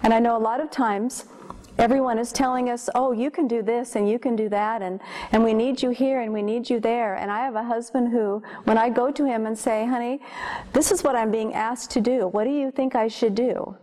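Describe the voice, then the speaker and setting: A woman sharing a personal testimony about her marriage, slow, gentle and sincere. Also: fairly high pitch, fairly even intonation. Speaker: seminar speaker, wife.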